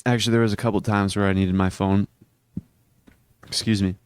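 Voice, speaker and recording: Low flat-voiced teenage boy vlogging. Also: brisk, clean tone. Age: teens. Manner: rambling, earnest, with frequent restarts. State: hiccuping. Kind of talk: casual self-improvement vlog.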